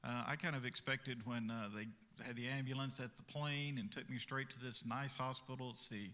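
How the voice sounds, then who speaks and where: A man preaching a sermon and telling a personal story in a conversational way, with fillers and quick asides. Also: medium pitch, steady tone, pushed and bright. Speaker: pastor. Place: church sanctuary. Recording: reverberant church hall.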